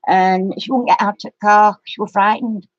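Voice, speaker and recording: A woman's voice: medium pitch, fairly even intonation, moderate pace, no room sound. A middle-aged woman, telling a long story in a casual live-stream chat. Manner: rambling storyteller. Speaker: craft channel host. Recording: dry, muffled lo-fi sound.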